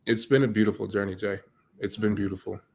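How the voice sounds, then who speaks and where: A man's voice: on the low side, level tone, fast talker, vocal fry, darkish tone. A man speaking as a guest on a talk show, earnest and heartfelt about his own life. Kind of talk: personal conversation.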